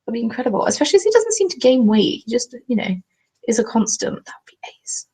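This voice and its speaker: A young woman from southern England chats casually on a craft livestream, seated at home with a webcam, joking and reading viewer comments aloud. Her voice is a little high, mellow and husky, with big pitch swings, and she talks fast. The recording quality is low.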